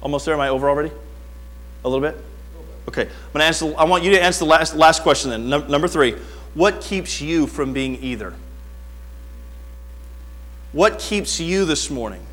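Middle-aged man, sermon, lively delivery, rises from soft asides to loud peaks, fairly high voice. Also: normal speed, pauses often. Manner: animated storytelling, swings from quiet to near-shouting. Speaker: pastor.

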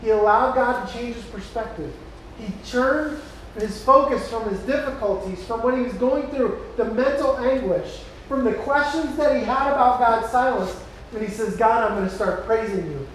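Man, pastor, impassioned sermon, high voice, faint background noise. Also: normal speed. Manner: impassioned preaching, swinging between loud cries and hushed lows. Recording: echoey hall from far off.

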